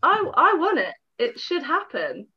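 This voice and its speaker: A woman's voice: high voice, huge pitch swings, measured pace. A woman, an actress, chatting as a guest over a video call, giggly and self-mocking. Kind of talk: casual interview chat. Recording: dull lo-fi video call audio.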